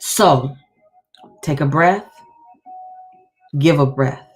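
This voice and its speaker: A woman leading a guided meditation, calm and soothing, repeating gentle encouragement. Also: low voice, faint music behind. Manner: slow, soothing, repetitive encouragement. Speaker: meditation leader.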